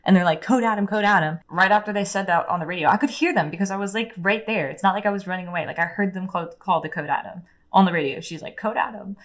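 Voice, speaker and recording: A young woman, an interview guest, speaks in a somewhat low voice. She tells her story casually and frankly, swears freely and fills her sentences with "like". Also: fast, hardly any pauses. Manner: candid, profane, heavy use of "like".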